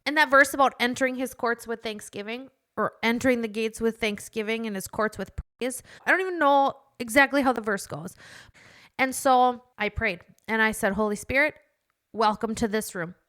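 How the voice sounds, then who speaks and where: A woman hosting a podcast, telling a personal faith story in an animated, chatty way that turns emotional at times. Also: fairly high pitch, moderate pace, clean tone. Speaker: podcast host.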